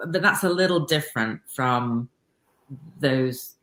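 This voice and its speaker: A woman hosting a conversation podcast, thoughtful and affirming, with gentle laughter. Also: a bass voice, slow, echoey room. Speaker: host, Alexander Technique teacher.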